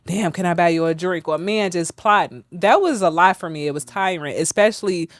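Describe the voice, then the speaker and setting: A woman's voice: on the low side, fairly quick, dry recording. A woman, a podcast guest talking bluntly and profanely in a candid studio interview, getting heated as she goes.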